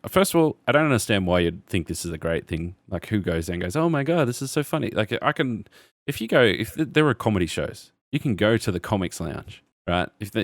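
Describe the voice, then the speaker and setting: Deep-voiced ranting man. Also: no room sound, studio quality. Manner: ranting, sweary, sarcastic. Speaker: podcast co-host. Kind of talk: casual podcast chat.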